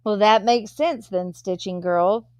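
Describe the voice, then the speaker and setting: A woman's voice: medium pitch, unhurried, muffled recording, heavy background noise. Chatty woman hosting a live stream. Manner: reads viewer comments aloud and answers them chattily. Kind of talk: casual live-stream commentary.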